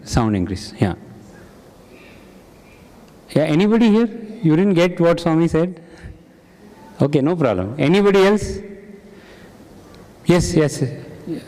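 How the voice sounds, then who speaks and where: A man with a fairly high voice leads a spiritual study group, firing questions at the room and warmly affirming each answer. His words ring out with the long reverb of a large hall. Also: very animated, measured pace, long pauses. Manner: questioning and encouraging the audience. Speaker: satsang discussion leader. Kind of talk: interactive spiritual class.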